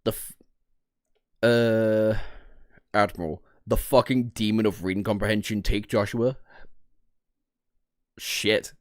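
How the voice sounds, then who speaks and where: A man from the North of England with a Northern English accent, casually chatting on a livestream. He swears freely, laughs often and jumps into high-pitched outbursts. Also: steady tone, slow pace, pauses often, dry recording, studio quality. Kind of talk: casual livestream chat, reading and reacting to chat.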